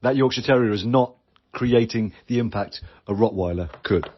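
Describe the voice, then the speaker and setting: Husky British man coaching on a podcast. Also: on the low side, normal speed, muffled recording. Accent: British English. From Britain. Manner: earnest, animated, acts out quoted voices. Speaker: podcast host. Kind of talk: solo podcast coaching talk.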